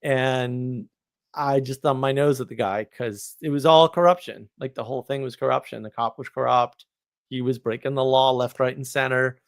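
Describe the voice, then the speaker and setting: A man, telling a story on a live stream in an animated, indignant way. He laughs often and repeats words. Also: medium pitch, normal speed, no echo. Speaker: podcast host.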